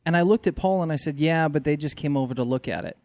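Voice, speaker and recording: Man, slightly high voice, dry studio sound, chatty storytelling. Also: fast talker, a little mellow, no room sound. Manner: storytelling, inquisitive. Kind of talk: casual radio banter.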